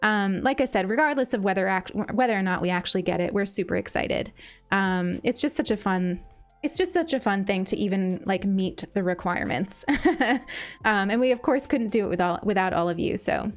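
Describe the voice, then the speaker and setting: A woman's voice: medium pitch, animated, fairly quick. A woman streamer chatting casually to her viewers, gushing and grateful, with many ums and restarts. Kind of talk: casual live-stream chat.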